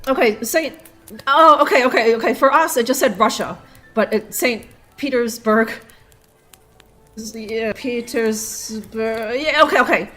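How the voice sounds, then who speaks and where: A woman's voice: high voice, normal speed, fairly bright tone, faint music behind. A woman streaming a detective game live, rambling and laughing as she sounds out German words with frequent curses. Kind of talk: casual live gameplay commentary.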